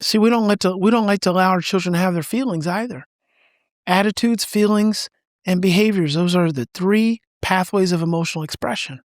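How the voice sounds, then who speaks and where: A man's voice: high voice, a little fast, no echo, studio quality. A middle-aged man, a parenting expert as podcast guest, explaining in an emphatic, repetitive teaching tone. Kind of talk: podcast interview.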